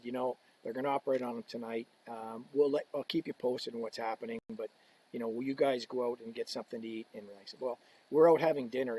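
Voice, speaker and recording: A man talking as a podcast guest, telling stories in a casual, animated way and acting out the people he quotes. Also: mid-range voice, slight background noise, low-quality recording. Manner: animated storyteller, acts out quoted voices. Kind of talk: casual storytelling.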